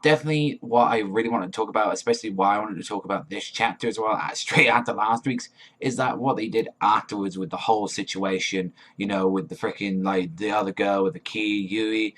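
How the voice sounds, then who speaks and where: A man's voice: lowish voice, fairly quick, fairly bright tone. Rambling man reviewing manga. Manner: rambling, full of "like" and swearing. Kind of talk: casual video review.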